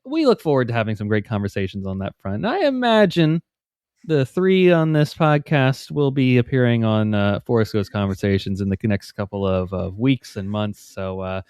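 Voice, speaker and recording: Lively man guesting on a podcast. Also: lowish voice, normal speed, clean tone, no echo, clean studio sound. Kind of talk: casual chat.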